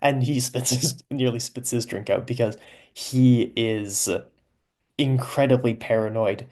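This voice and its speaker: A man talking through his own serialized story in a loose, conversational commentary. He sounds amused, breaks into laughs, and drifts into explanatory asides as he goes. His voice sits at an ordinary middle pitch for a man. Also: steady tone, measured pace, a little mellow. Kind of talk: casual commentary.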